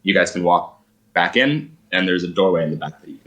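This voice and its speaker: Casting: male game master, low bright voice, loose rambling narration. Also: expressive, a little fast, highs cut off. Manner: rambling, hedging with fillers.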